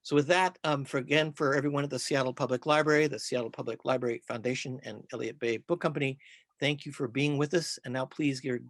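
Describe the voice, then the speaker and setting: Halting man introducing guests. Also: mid-range voice, steady tone, no echo. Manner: hesitant, many ums. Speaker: host of a library author event. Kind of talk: hosting introduction.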